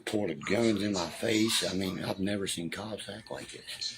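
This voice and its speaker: A man's voice: sits low, normal speed, background noise. A man telling a story in a casual, agitated way, swearing constantly. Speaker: storyteller on a live stream.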